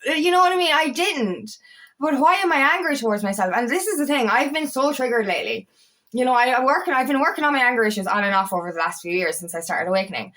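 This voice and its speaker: Woman coach, candid monologue, fairly high pitch, blunt and heated, swears freely. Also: animated, fast, fairly bright tone. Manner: emphatic, swears often, raises voice. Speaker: empowerment coach.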